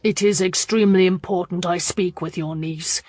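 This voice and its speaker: A woman narrator voicing a furious, lovesick young duke who speaks forcefully and pleads. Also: medium pitch, fairly even intonation, moderate pace, no echo. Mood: cold.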